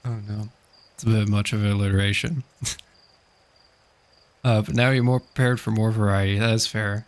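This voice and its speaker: A man's voice: lowish voice, steady tone, moderate pace. A man streaming a video game, chatting casually with his viewers and laughing often. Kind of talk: casual live-stream chat while gaming.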